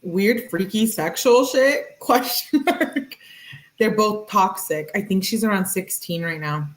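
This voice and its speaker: A woman's voice: mid-range voice, takes it slowly. A woman hosting a true-crime video, giving casual and blunt commentary. She swears freely and drops Spanish words into her speech. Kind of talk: casual commentary reading out text messages.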